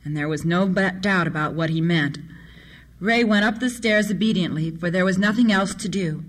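Woman narrator, audiobook, adventure story, steady, measured. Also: fairly low pitch.

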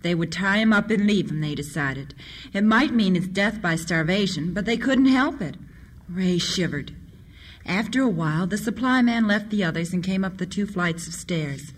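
A woman reading an adventure story aloud in a steady, measured manner. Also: medium pitch. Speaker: narrator.

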